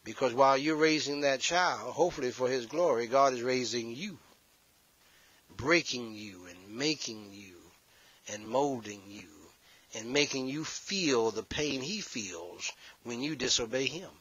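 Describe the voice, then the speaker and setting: A man's voice: mid-range voice, lively intonation, a little slow, fairly bright tone, slightly rough. A male pastor preaching a sermon, scolding and addressing the congregation directly, heard on a dull, slightly lo-fi recording.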